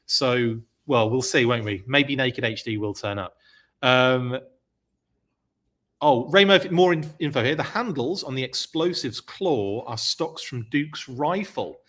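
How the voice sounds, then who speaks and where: A man hosting a live podcast stream, chatty and excited, gushing over a collectible and reading viewer comments aloud. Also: mid-range voice, measured pace. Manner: chatty, many fillers and restarts. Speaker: podcast host.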